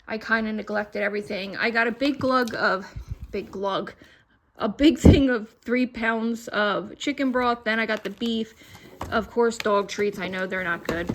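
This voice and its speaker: A young woman vlogger chats casually in her home kitchen about grocery bargains, a little out of breath as she unpacks her haul. Her voice is mid-range, and there's background noise.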